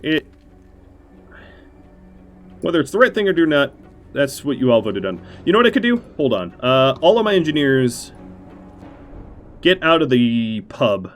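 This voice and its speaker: A man's voice: mid-range voice, big pitch swings, measured pace, long pauses, faint music behind. A man streaming a strategy game on a headset mic, thinking aloud about his choices with dry, self-mocking jokes. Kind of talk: let's play commentary.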